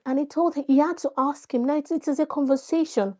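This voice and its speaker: Woman, high mellow voice, chatty live-stream host, explains with examples. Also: quick pace, hardly any pauses. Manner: chatty, greets viewers by name, explains with examples. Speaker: live-stream host giving parenting advice. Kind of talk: casual live-stream talk.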